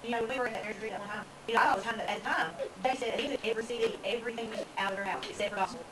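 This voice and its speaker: A woman's voice: a little high, racing. A woman in a church Bible study group, talking frankly. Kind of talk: casual group chat. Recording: noisy room with crowd.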